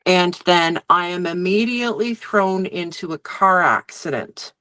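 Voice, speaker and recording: A woman's voice: on the low side, unhurried, a bit bright, dry recording. A woman guest who works as a medium and Reiki practitioner, recounting her sessions in a chatty, rambling way full of fillers. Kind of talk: casual storytelling in conversation.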